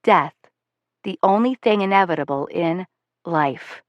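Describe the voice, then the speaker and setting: A woman voicing a young male teacher who recites his own poem in a calm, deliberate way, within audiobook narration. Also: lowish voice, no echo, lo-fi sound. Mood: earnest.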